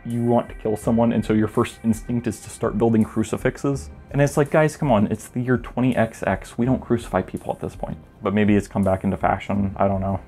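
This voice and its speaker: A man's voice: on the low side, steady tone, brisk, hardly any pauses, mellow, faint music behind. A man recapping a manga in a casual, joking way, full of rambling asides. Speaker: video essayist reviewing a manga.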